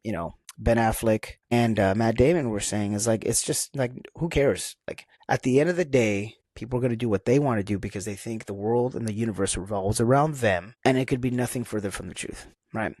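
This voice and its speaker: A man's voice: lowish voice, a little fast, hardly any pauses, darkish tone, dry recording, studio quality. A young man hosting a casual solo podcast, talking frankly and reflectively with lots of fillers and restarts. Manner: rambling, frank, self-reflective with many fillers. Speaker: podcast host.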